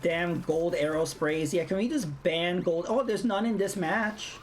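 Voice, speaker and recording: A woman's voice: fairly low pitch, measured pace. A woman streamer ranting bluntly in casual chat while playing a game, swearing freely. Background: faint game music.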